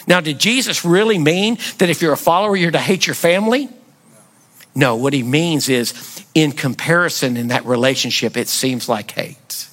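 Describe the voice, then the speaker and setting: A male pastor delivers a sermon, his fairly high voice climbing as he presses the congregation with question after question. He preaches with fervor, sometimes almost shouting, then drops low for emphasis. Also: moderate pace. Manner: impassioned preaching with rhetorical questions, rising to near-shouts. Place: church sanctuary.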